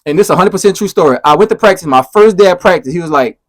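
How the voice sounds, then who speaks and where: Man, quick storytelling, slightly high voice, animated and profane. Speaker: podcast guest. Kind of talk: casual storytelling.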